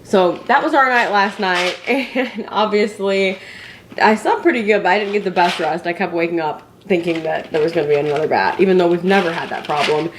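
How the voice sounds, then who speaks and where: A woman's voice: on the low side, a little fast. A young woman from Indiana telling a story to the camera at home, chatty, with many fillers and restarts. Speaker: family vlogger. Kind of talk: casual chat to camera. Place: her home, indoors. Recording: echoey room, faint noise.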